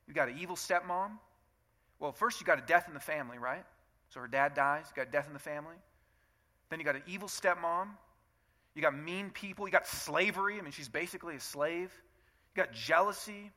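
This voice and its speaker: A man in his thirties preaches with a bright, forceful voice, sitting a little above the usual male pitch. He talks to the congregation like a friend, firing off rhetorical questions and acting out both sides of arguments between spouses. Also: a little fast, pauses often. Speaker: pastor. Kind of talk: sermon.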